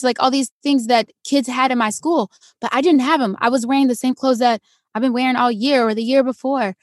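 A young adult woman, an actress and stuntwoman, telling her story in a casual interview and acting out quoted voices with big jumps in pitch. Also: fairly even intonation, normal speed, no echo, clean studio sound.

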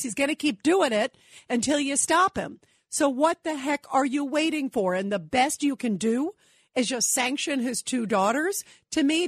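A woman's voice: high-pitched, no echo, clean studio sound. Indignant woman radio host. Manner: indignant, rapid-fire rhetorical questions. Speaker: radio talk show host. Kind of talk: call-in political talk radio monologue.

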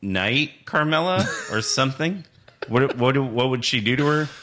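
Podcast guy tossing in dry one-liners, bright voice that jumps around. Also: mid-range voice, expressive. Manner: wry, quick quips and agreement. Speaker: podcast co-host. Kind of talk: casual chat.

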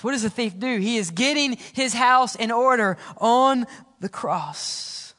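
A middle-aged man preaching a sermon as pastor, building intensity and then dropping to soft, low tones on key lines. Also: lively intonation, a little slow. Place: church sanctuary. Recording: reverberant church sanctuary.

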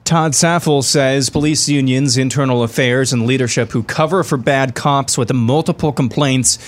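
A man's voice: medium pitch, moderate pace. Man reading listener comments aloud. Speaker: co-host reading listener messages. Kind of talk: casual talk show banter.

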